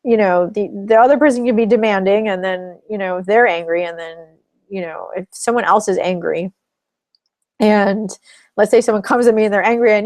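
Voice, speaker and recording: A woman working as a relationship coach, teaching in a webinar in a calm, explanatory way and acting out example phrases. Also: mid-range voice, normal speed, no echo.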